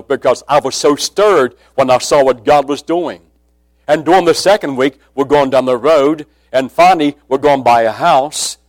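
A man preaching a sermon with a personal testimony, speaking emphatically and dropping to a hushed voice when quoting. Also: mid-range voice, no room sound.

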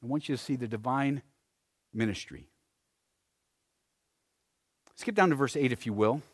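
A man preaching a sermon, swinging between loud emphasis and hushed phrases, often repeating words as he presses a point. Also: mid-range voice, unhurried, slightly rough. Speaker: pastor.

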